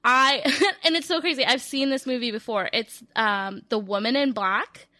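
A woman, co-hosting a casual podcast, chatty and giggly in quick bursts. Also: a little high, pushed and bright, no echo. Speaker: podcast co-host.

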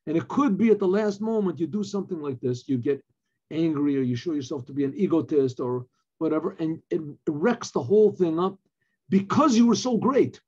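A man, a rabbi, teaching a Torah lesson, reading Hebrew phrases and explaining them in English with animated emphasis. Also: fairly high pitch, a little fast, husky, dull audio.

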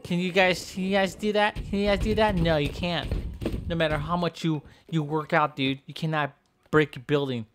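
A man voicing Bob, a boastful, goofy male strongman who smashes buildings in a video game, with shouty brags and childish jokes. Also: fairly high pitch, steady tone, moderate pace, slight background noise, lightly acted. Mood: rowdy. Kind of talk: comedic game character voiceover.

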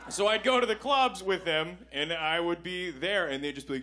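A young man from Canada doing a stand-up set in a comedy club, self-deprecating and switching into quick voices for the people in his stories. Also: fairly high pitch, animated, sharp tone. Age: 20s.

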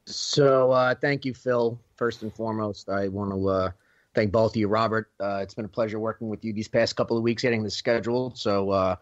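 Guest, 30s man, New York accent, earnest and hesitant, slightly low voice. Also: fairly even intonation, brisk, no echo, dull audio. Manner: earnest, hesitant with many fillers. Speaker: guest accountant. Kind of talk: interview answers.

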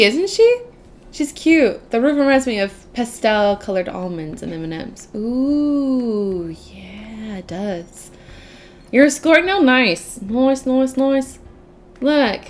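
A woman's voice: high voice, big pitch swings, takes it slowly. A young woman giving casual gameplay commentary, gushing and squealing over cute things with lots of giggles. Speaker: gaming channel host.

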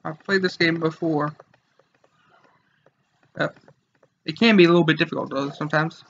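High-voiced young gamer, joking. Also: male voice, steady tone, normal speed, fairly bright tone, lo-fi sound, slight background noise. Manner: joking, rambling, talks to viewers. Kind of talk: casual let's play commentary.

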